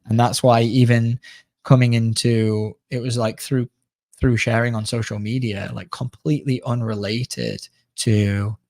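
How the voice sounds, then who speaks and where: A man's voice: medium pitch, level tone, a little slow, darkish tone, no room sound. A man in casual podcast conversation, reflective and searching, with many fillers.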